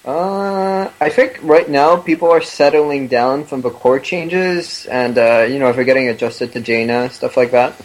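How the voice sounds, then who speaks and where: Casual male podcast panelist, laid-back delivery, average pitch. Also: a little slow, hardly any pauses, poor audio. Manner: laid-back, many fillers and restarts. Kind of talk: casual gaming chat.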